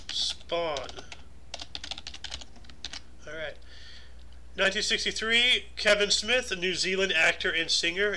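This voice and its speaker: A man's voice: high voice, bright, forceful tone. A man co-hosting a casual chat show, reading out a list of birthdays and joking about the names. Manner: jokey, reads lists quickly. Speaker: podcast co-host reading dates.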